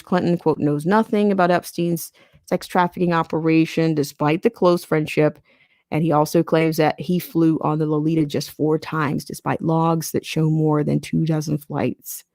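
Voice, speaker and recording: A woman's voice: sits low, vocal fry, darkish tone, no echo, clean studio sound. A woman hosting a podcast, reading a news article aloud and breaking in with sarcastic asides. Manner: sarcastic asides between read quotes. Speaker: podcast host.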